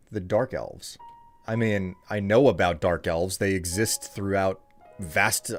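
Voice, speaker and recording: A man from the United States with a fairly low voice, chatting casually on a live stream. He rambles and rants in loose, run-on sentences while answering his viewers. Faint game music plays behind him. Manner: rambling, ranting, talks back to chat.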